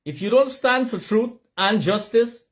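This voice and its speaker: A middle-aged Guyanese man with a Guyanese accent, giving an impassioned, shouting monologue with emphatic repetition. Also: high-pitched, expressive, unhurried.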